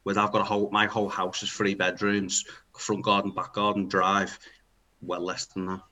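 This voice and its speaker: A man's voice: low voice, monotone, moderate pace, sharp tone, a little hiss or hum. A man from the north of England, co-hosting a podcast in casual, rambling banter with plenty of swearing. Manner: rambling, sweary, laughs often. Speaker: podcast co-host.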